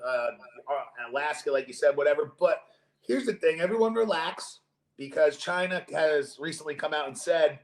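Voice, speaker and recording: Man, young adult, podcast host, casual, joking, swearing, slightly high voice, roomy echo. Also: moderate pace. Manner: animated, swears a lot, jokey. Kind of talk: casual chat.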